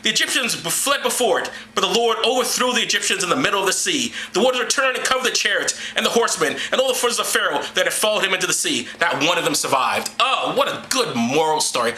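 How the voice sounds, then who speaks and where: Mocking male vlogger, high and very bright voice, crude sarcasm, echoey room. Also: lively intonation, quick pace, hardly any pauses, a little hiss or hum. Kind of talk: sarcastic commentary, reading aloud.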